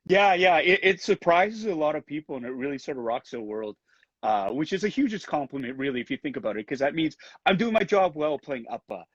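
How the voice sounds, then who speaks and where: A man raised in Canada talks earnestly through a headset on a video call, circling back and restarting his sentences as he thinks. His voice sits a little high and sounds husky, and the close, dry audio comes through dull and lo-fi. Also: animated, a little fast, fairly bright tone, no echo. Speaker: actor being interviewed. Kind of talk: casual video-call interview.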